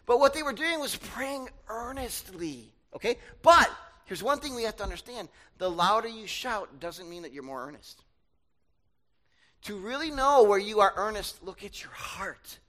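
Bright-voiced young preacher, high and lively. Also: male voice, rough recording. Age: young adult. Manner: conversational, asks the congregation questions; acts out loud shouted voices and asides. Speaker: pastor. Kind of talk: sermon.

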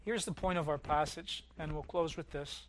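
A man preaching a sermon as pastor, swelling loud on key lines and dropping low and quiet at others. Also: moderate pace, a little hiss or hum.

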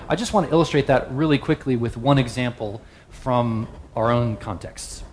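Man, sermon, mid pitch, conversational, asks the room questions, faint background noise. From the West. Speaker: preacher.

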